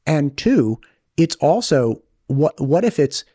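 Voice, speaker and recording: A man in his thirties, a podcast host, debating in an animated, conversational way. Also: fairly high pitch, slow pace, no room sound, clean studio sound. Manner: animated, pushes back, conversational.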